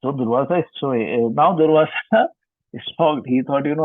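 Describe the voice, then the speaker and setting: A man's voice: mid-range voice, moderate pace, dry recording. A man telling scripture stories in an online lesson, explaining, repeating and rephrasing as he goes, on a video call. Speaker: scripture teacher. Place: online session from home. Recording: tinny video-call line.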